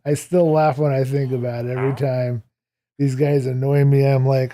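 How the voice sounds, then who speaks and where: A man's voice: mid-range voice, little pitch movement, moderate pace, mellow. A man streaming a building game, chatting casually to his viewers and to the game's characters and chuckling often. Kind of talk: casual gameplay commentary.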